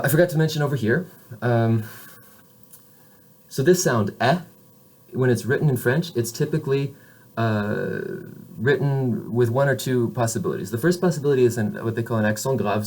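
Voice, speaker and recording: A man teaches beginner French pronunciation in a casual way, correcting himself and modeling the sounds slowly. His voice sits in the mid range with a darkish tone.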